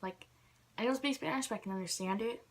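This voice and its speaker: Irritated young woman ranting, higher voice. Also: quick pace. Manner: irritated, fills with "like" constantly. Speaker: vlogger. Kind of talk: casual ranting monologue to camera.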